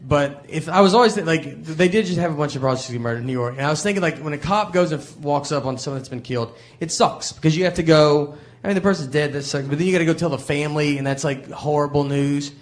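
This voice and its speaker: A man from Tennessee with a Southern American accent performing a stand-up comedy routine, telling rambling deadpan stories. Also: a little high, quick pace. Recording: noisy live show audio. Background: audience laughter.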